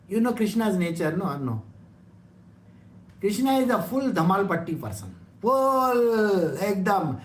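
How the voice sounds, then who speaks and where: A man with an Indian English accent giving a conversational scripture talk, teasing and often asking his listeners questions. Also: sits high. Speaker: spiritual teacher. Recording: roomy echo.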